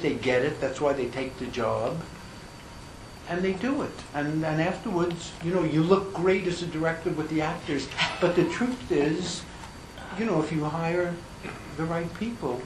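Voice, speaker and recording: An older man fields questions at a press conference, his slightly high voice halting and full of restarts. He is self-deprecating. The room is echoey, with steady noise behind him. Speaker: film director at a press conference. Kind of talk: unscripted press conference answers.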